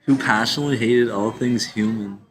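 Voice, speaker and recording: A man's voice: mid-range voice, steady tone, fairly quick, a bit bright, poor audio. A man reacting to videos in a rambling, incredulous way, swearing often and trailing off into laughs. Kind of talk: rambling casual reaction commentary.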